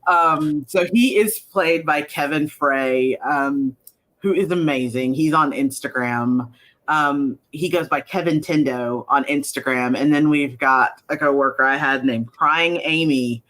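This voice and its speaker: A chatty man with a bright, forceful voice that sits a bit high. He talks loosely about his own animated show, full of ums and little acted-out quotes. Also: measured pace, low-quality recording. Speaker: indie animation creator. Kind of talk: casual interview chat.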